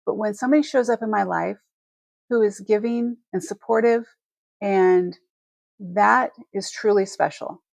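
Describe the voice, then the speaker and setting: Gravelly-voiced woman hosting a live stream. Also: mid-range voice, measured pace, no room sound. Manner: heartfelt and rambling, with many restarts. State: emotional, near tears. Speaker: host of a live jewelry selling stream. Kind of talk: live-stream chat to viewers.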